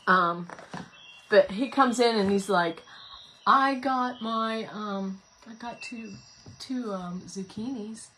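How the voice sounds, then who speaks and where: A woman's voice: mid-range voice, takes it slowly, a bit bright, slight background noise. Chatty, giggly woman crafting. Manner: chatty, giggly and rambling, reads viewer comments aloud. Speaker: craft livestream host. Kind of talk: casual chat while crafting. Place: home craft room.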